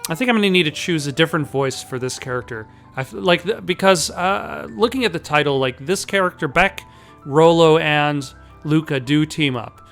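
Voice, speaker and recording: A woman's voice: low voice, moderate pace, soft background music. A young adult woman chatting casually and rambling while she plays and reads a story game. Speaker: let's player. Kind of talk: casual gameplay commentary.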